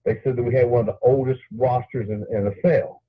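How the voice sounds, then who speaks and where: A man's voice: medium pitch, steady tone, quick pace. An older man calling in to a talk show, friendly and direct. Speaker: caller. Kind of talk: call-in on a phone line. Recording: tinny phone line, husky.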